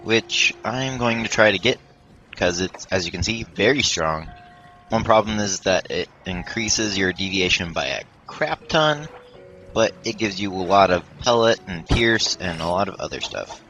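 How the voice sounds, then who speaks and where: Guy with a lowish voice rambling thru his let's play, game music going loud underneath. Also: animated, measured pace, muffled recording. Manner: rambling, self-deprecating, frequent fillers and restarts. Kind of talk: casual gameplay commentary.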